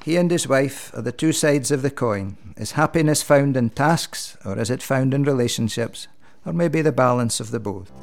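A man, a minister telling church jokes one after another with a dry, gentle delivery and quick punchlines. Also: mid-range voice, gravelly.

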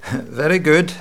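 A man's voice: a little high, vocal fry, slight background noise. A man hosting a radio interview, prompting his guest with brief friendly questions. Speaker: radio host.

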